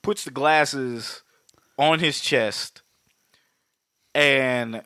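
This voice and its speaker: A man co-hosting a podcast, excitedly recapping a movie fight with lots of swearing, laughter and acted-out quotes. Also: mid-range voice, drawn-out words, clear, resonant tone, no echo, clean studio sound. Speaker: podcast co-host. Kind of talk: casual profane movie recap.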